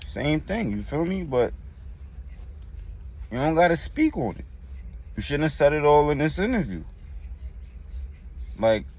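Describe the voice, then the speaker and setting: A man's voice: a little high, a little mellow. A man with a New York accent giving blunt street commentary as host of a reaction video, trailing off at the ends of lines. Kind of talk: casual commentary. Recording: dull lo-fi sound.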